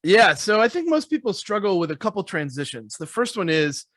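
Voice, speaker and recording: A man's voice: high-pitched, sing-song, brisk, fairly bright tone, no echo, clean studio sound. A man who trains salespeople, talking in a casual interview and acting out phone calls, laughing often.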